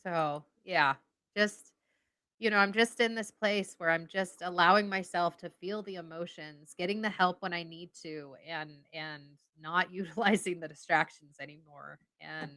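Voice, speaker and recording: Bright, smooth-voiced woman guest. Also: lowish voice, no echo. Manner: earnest, halting, with repeated fillers. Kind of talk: casual live-stream talk.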